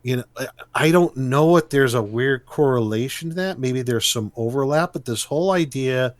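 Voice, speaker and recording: A man co-hosting a casual podcast, talking in animated bursts with repeated starts and tangents. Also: mid-range voice, moderate pace, dry recording. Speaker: podcast co-host, dungeon master.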